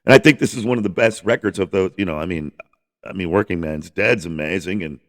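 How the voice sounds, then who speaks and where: A man's voice: sits low, fast, a bit bright. A man hosting a casual music podcast, rambling enthusiastically with lots of restarts and the odd swear. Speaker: podcast host.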